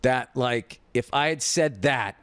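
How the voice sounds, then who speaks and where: A man's voice: medium pitch, slow, no room sound. A middle-aged man with a Boston accent tells a story in a casual, profane rant, quoting other people as he goes. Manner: profane, ranting, animated retelling with acted quotes. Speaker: podcast host.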